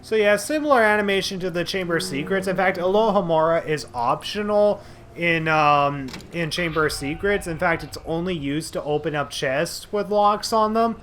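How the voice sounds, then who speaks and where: Man, let's play host, casual gameplay chatter, a bit high-pitched, stumbles and restarts often. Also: a bit bright, a little hiss or hum. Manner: rambling, halting, many fillers and restarts.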